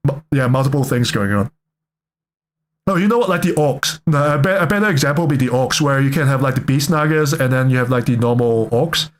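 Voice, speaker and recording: A man's voice: mid-range voice, brisk. A young man giving casual reaction commentary, rambling and joking, often correcting himself mid-sentence. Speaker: reaction streamer.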